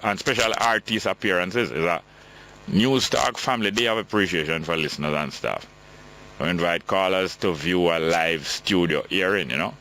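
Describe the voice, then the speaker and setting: A very deep-voiced man with a Jamaican accent hosts a call-in radio show, reading out listener texts and commenting on them in patois. His voice is bright and forceful, with a faint hum of noise behind it. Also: rough recording. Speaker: radio talk show host.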